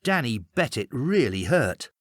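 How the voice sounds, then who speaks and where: A man reading a storybook aloud in a measured, expressive way. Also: mid-range voice, no echo, clean studio sound. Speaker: storybook reader. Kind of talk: storybook narration.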